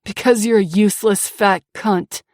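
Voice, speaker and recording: A woman voicing a cruel young man who bellows vicious insults, in a loud, harsh audiobook character voice. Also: medium pitch, fairly even intonation, normal speed, no room sound, studio quality, natural voice. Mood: raging.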